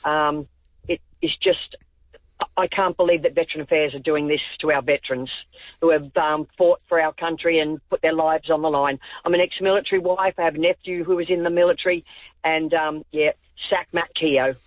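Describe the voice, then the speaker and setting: Woman caller, upset, earnest, low voice for a woman, tinny dry phone line. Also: steady tone, moderate pace, no room sound. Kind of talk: talkback call.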